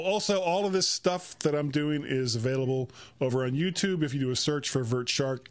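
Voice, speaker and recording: Male podcast host, casual and jokey, slightly higher voice. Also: no echo. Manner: chatty, jokey, rattles off plugs. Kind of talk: casual tech podcast chat.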